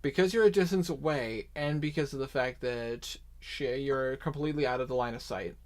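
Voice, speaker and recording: A man's voice: medium pitch, a little mellow. A man narrating as dungeon master in an online tabletop game, taking his time and often restarting his sentences. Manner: unhurried narration with many restarts and asides.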